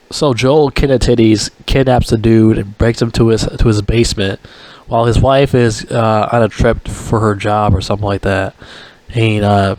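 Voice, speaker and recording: A man's voice: mid-range voice, a little mellow, no echo. A man recapping a film's plot in a loose, rambling way, swearing often and mocking the hero with many fillers. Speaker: movie reviewer.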